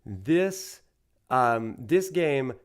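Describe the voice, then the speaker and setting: A man's voice: medium pitch, drawn-out words, clean tone. Casting: a Southern US man, a professor lecturing over gameplay, chatty and rambling, with a mid-range voice. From Alabama, USA. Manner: animated, rambling and full of fillers. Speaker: university professor.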